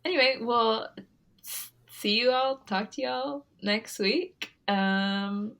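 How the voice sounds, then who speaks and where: A woman's voice: fairly high pitch, slow, fairly bright tone. Young woman podcast cohost, laughs a lot, loose casual chat. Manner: giggly, chatty, frequent laughter. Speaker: podcast co-host.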